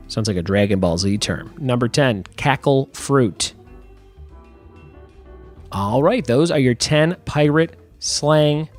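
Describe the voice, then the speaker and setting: A man hosting a trivia podcast in a casual, joking way, reading out quiz terms slowly and clearly and then riffing on them. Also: mid-range voice. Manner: playful, jokey, drawn-out quiz terms.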